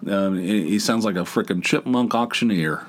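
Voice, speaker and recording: A man's voice: on the low side, normal speed. A man hosting his own podcast in a casual, rambling, self-deprecating monologue, with a big dopey voice and many restarts. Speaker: podcast host.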